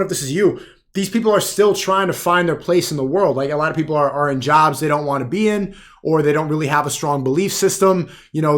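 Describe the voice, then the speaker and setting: Rambling higher-voiced male streamer. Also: a bit bright. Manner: rambling, loose, lots of filler "like". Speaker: live streamer. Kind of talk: rambling live stream monologue.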